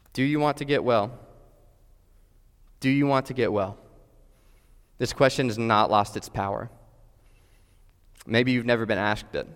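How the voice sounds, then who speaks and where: A man preaching a sermon, earnest and direct, putting questions straight to his listeners. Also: mid-range voice. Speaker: pastor. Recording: long hall reverb.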